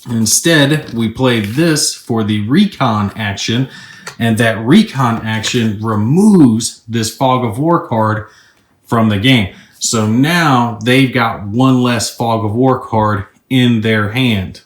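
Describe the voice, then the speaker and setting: A man's voice: medium pitch, slow pace. A man with a mid-range voice walks through a board game turn by turn, chatty and upbeat as he explains the rules. His voice carries a noticeable room echo, as if recorded in an open, roomy space. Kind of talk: casual tabletop gameplay walkthrough.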